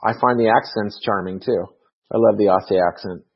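A man's voice: on the low side, fairly quick, breathy edge. A man in a casual chat, curious and full of questions. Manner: curious, asking many questions. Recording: dull lo-fi sound.

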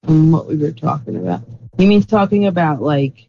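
A woman's voice: low voice, big pitch swings, normal speed, vocal fry. A woman chatting casually on a group call, rambling and searching for words as she talks. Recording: dull lo-fi call audio with faint noise.

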